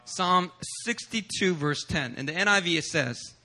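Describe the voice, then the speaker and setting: High, bright-voiced male preacher. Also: moderate pace. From Philadelphia, USA. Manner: animated, humorous, acts out quotes. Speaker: pastor. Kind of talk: sermon with personal storytelling. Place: church service.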